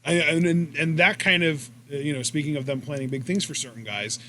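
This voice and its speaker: Co-hosting a wrestling podcast, a man with a slightly high voice rambles and swears as he animatedly retells matches in casual commentary. He talks briskly, with a little background noise.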